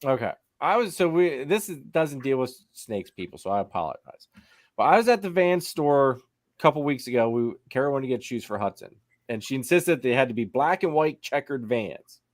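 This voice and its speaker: A man's voice: medium pitch, lively intonation, moderate pace, no room sound. A man in his thirties hosting a podcast, chatting casually, reading live comments and telling rambling stories with frequent laughs. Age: 30s. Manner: rambling storyteller, laughs often. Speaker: podcast host.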